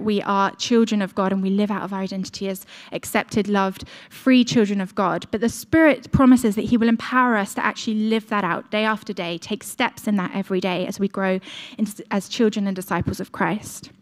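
A young woman preaching a sermon, telling a personal story in a chatty way, with frequent fillers and asides to the congregation. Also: fairly high pitch.

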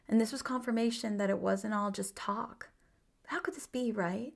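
A woman's voice: mid-range voice, normal speed, creaky, husky. A woman co-hosting a podcast, narrating from a script in an emphatic, playful way. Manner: emphatic and playful, with big swings of feeling. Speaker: podcast co-host.

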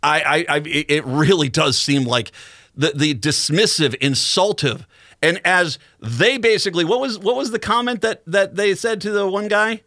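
A male talk radio host rants in an indignant monologue, often stumbling and restarting his sentences. His voice is bright and forceful and sits a little high for a man. The studio sound is close and dry. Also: moderate pace, dry recording. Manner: indignant, ranting, many restarts.

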